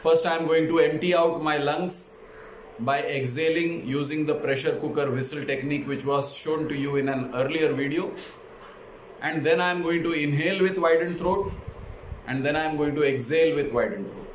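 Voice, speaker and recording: A man teaching a breathing technique, explaining each step calmly before demonstrating it. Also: on the high side, normal speed. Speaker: breathing instructor. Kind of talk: instructional demonstration. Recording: echoey room, faint noise.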